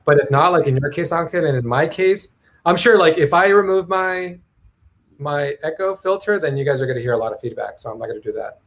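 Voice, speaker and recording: A man's voice: a little high, animated, a little fast, fairly bright tone. A man hosting a casual live stream over a video call, chatting and thinking aloud. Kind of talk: casual chat.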